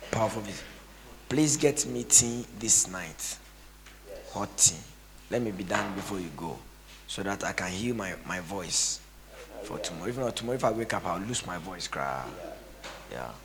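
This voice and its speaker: A man's voice: low voice, expressive, normal speed, pauses often, background noise. A male pastor, preaching with a tired voice and breaking into tongues and chanted repeated phrases. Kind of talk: preaching to a gathering.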